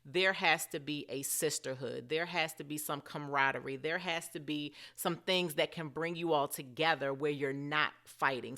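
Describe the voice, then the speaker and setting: A woman's voice: sits low, fairly bright tone. A middle-aged woman giving chatty reality TV commentary, often turning to ask her viewers what they think. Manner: chatty, asks viewers directly. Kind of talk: casual commentary vlog.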